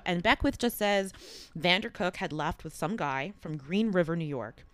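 Smooth-voiced woman telling a true-crime story. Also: fairly low pitch, moderate pace. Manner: lively storyteller, acts out quoted voices. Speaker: podcast co-host. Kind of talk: casual storytelling chat.

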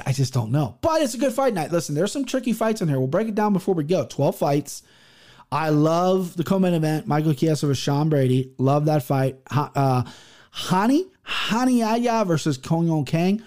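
A man's voice: a little high, dark tone. A man in his thirties hosting a podcast, talking through upcoming fights in a rambling, profane, casual monologue full of restarts. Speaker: podcast host.

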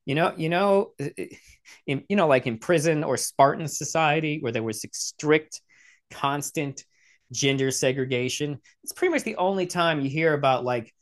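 A young man giving blunt, sarcastic reaction commentary, swearing freely and talking in quick restarts. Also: on the high side. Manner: blunt, profane, sarcastic, animated. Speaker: commentator reacting to video clips.

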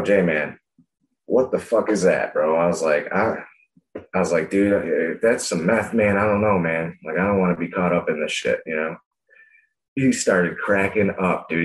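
A man's voice: low voice, reverberant, poor audio. A young man telling a rambling, profane story in casual slang.

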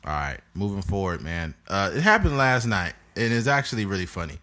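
Man, 30s, podcast host, casual crude storytelling, lowish pitch, bright tone. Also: sing-song, brisk. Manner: crude, joking storyteller, laughs often. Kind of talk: casual chat.

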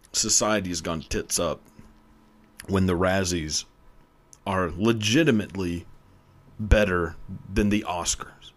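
A podcast host in casual solo commentary, ranting profanely and emphatically about award shows. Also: male voice, low-pitched, moderate pace, pauses often.

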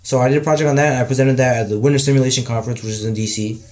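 A young man chatting casually as a guest, quick and full of likes and fillers. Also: mid-range voice, steady tone, a little mellow. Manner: rapid, filler-laden, enthusiastic. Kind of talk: casual conversation.

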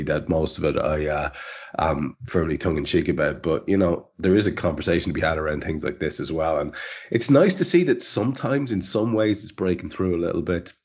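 Man, podcast host, very low voice, slightly dull sound, rambling, teasing. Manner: rambling, filler-heavy, teasing. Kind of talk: casual football podcast chat.

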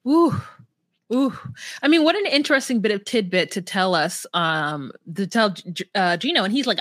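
A woman's voice: mid-range voice, lively intonation, moderate pace, dry recording, studio quality. A woman co-hosting a casual podcast about reality TV, playful and giggly, breaking into sung bits. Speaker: podcast co-host.

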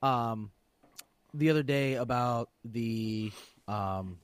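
A man's voice: medium pitch, slow pace, clean tone, dry recording. A man co-hosting a podcast, talking bluntly and profanely in a teasing way. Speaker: podcast co-host. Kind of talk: casual chat.

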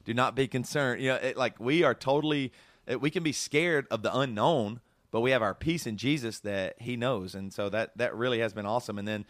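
A man's voice: on the low side, a bit bright, no echo, clean studio sound. A man hosting a casual podcast, talking earnestly and emotionally with many restarts. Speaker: podcast host.

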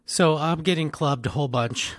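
A man's voice: fairly high pitch, normal speed, dry recording, studio quality. A man hosting a podcast, casually setting up a question with a made-up match scenario. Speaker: podcast host. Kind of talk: casual interview talk.

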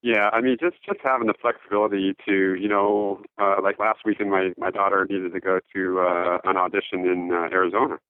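Interview guest: man on a phone line, lowish voice, halting and full of fillers. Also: little pitch movement, no echo. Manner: halting, many fillers and restarts. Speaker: interview guest, note investor. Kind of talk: casual interview talk.

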